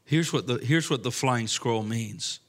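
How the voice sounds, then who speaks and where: A man's voice: medium pitch, unhurried. A man preaching a sermon with impassioned delivery and frequent restarts. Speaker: pastor.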